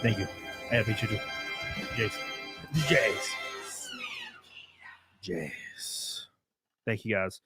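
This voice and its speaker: With loud music behind him, a man from the Southern United States hosts a casual live stream in a fairly low, flat-pitched voice. He talks a little fast and pauses often, rambling, joking, reading out viewer chat messages and thanking people.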